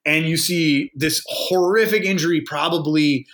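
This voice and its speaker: A young man chatting on a podcast, bright in tone and pitched a little high. He tells stories with a lively, animated delivery and acts out what others said. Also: measured pace. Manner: animated storyteller, quoting others in put-on voices. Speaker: podcast co-host. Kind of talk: casual chat.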